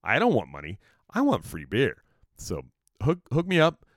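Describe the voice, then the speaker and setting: A man's voice: medium pitch, wildly swooping pitch, normal speed, no echo, clean studio sound. A man hosting his own podcast, telling a story in a rambling, casual way with lots of fillers and swearing. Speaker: podcast host.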